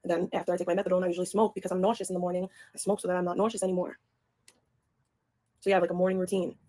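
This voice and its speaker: A woman's voice: fairly low pitch, level tone, warm tone. A mother chatting on a livestream, defensive and insistent about her daily routine. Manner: defensive, insistent, talks fast. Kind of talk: casual livestream chat.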